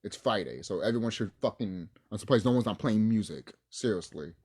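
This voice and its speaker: A man's voice: on the low side, expressive, fairly quick, a little mellow, breathy edge. A man ranting angrily on his own video channel, cursing freely as he talks at home into his camera's mic. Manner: angry, profane ranting. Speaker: YouTuber. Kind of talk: casual ranting vlog.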